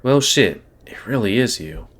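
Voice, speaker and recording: A man's voice: fairly low pitch, expressive, a little slow. Man reading as a cussing young bat. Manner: curse-laden, defensive. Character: jittery young male bat, foul-mouthed. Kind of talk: reading a visual novel aloud.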